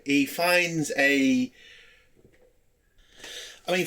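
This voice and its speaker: Male reviewer, slightly high voice, dry sarcasm and frequent swearing. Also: a bit bright. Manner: sarcastic, swearing, rambling recap. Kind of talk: casual spoken review.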